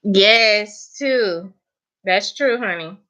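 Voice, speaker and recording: Hosting her cooking channel's live stream, a young Southern US woman chats casually, playful and emphatic, with frequent laughter. Her medium-pitched voice is bright and forceful but extremely slow, heard through dull, lo-fi audio.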